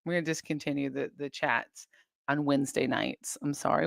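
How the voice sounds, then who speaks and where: A woman's voice: deep voice, expressive, brisk, gravelly, fairly bright tone, no echo, clean studio sound. A woman hosting a casual live stream, chatting and reading viewer comments in a rambling, giggly way.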